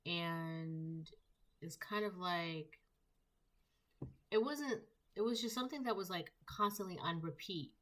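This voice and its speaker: A woman's voice: on the low side, takes it slowly, a bit bright. A woman giving a casual tarot reading, talking in a rambling way with many fillers and restarts. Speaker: tarot reader.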